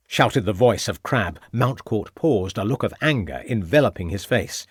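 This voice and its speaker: A man narrates an audiobook in a low, steady voice with measured pacing. The recording is dry and close, with no room sound. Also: no room sound. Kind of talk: scripted narration.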